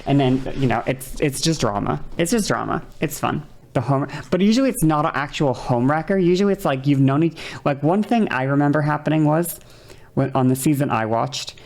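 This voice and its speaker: Her voice is gravelly and a little mellow as this female streamer chats through a video reaction. She wanders off topic, cuts herself short, and occasionally performs quoted lines by pitching her voice up.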